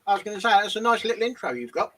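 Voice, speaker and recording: Male co-host, fast jokey interjections, slightly husky tone. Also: high voice, big pitch swings, pushed and bright. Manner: quick jokey quips. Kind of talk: casual chat.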